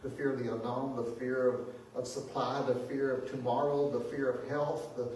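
A pastor preaching a sermon in lively style, shifting between booming exclamations and hushed asides, often chuckling. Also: male voice, normal speed, a little hiss or hum. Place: church sanctuary. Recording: echoey hall, mic at a distance.

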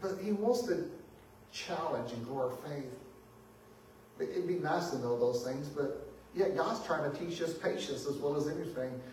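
A man's voice: measured pace, slight background noise. Man preaching in a roomy, echoey church. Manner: lively preaching that swings from booming exclamations to hushed asides, with chuckles. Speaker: pastor. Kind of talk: sermon. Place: church sanctuary. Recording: echoey hall, mic at a distance.

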